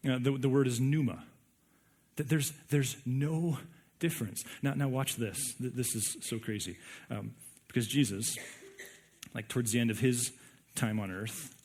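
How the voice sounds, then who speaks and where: A man preaching a sermon in a conversational, animated way, often restarting his words. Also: mid-range voice. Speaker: pastor.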